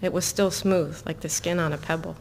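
A woman author reading her own novel aloud to listeners in an even, measured way, breaking off into casual asides full of fillers. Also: sits low, a little hiss or hum. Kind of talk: live book reading with chatty asides.

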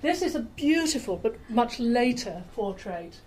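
A woman lecturing to an audience over slides, in a mellow, warm tone. She talks in a chatty way, stopping now and then to correct herself. There is a faint hum of room noise behind her. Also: a little high, sing-song, unhurried, poor audio. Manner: chatty, with fillers and self-corrections. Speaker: lecturer on rare books. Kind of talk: public talk with slides.

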